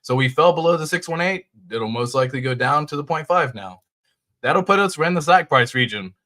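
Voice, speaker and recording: A man's voice: on the high side, expressive, fairly quick, bright, forceful tone. A man hosting a casual livestream, talking through crypto market charts and greeting viewers in the chat in a loose, chatty way. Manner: casual, loose, talks straight to viewers and reads chat aloud. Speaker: crypto channel host.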